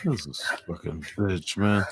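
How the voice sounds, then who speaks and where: A man's voice: low voice, a little slow, background noise. A man hosting a casual reaction stream, profane and mocking, laughing at what he watches. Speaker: stream host reacting to clips.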